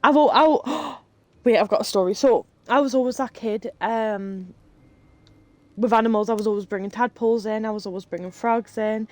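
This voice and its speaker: A woman's voice: on the high side, normal speed, no room sound. A woman streaming live, telling rambling stories in casual chat while she plays a game and swearing freely. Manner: chatty, rambling storyteller who swears freely.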